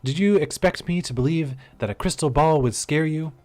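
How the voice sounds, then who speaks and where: A man's voice: fairly high pitch, normal speed, a little mellow, lightly acted. A man voicing a stern, earnest young female guard who scolds indignantly.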